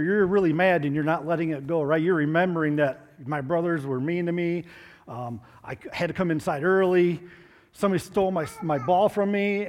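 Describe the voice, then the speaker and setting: A man giving a children's moment in church, asking the kids gentle questions and coaxing answers. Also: high-pitched, long reverb tail. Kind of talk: children's sermon with props.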